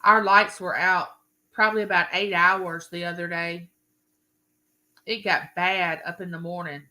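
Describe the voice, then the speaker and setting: Bright-voiced woman chatting live. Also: fairly low pitch, fairly even intonation, a little slow, low-quality recording. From Mississippi. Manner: friendly, greets viewers by name, rambling. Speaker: live-stream host. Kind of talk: chatty live-stream greeting viewers.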